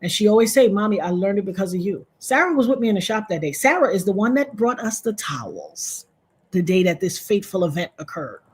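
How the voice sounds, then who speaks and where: Husky-voiced woman telling a story. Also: brisk. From Trinidad. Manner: animated, acts out quoted voices with big pitch jumps. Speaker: interview guest. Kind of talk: storytelling in an interview. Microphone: video call.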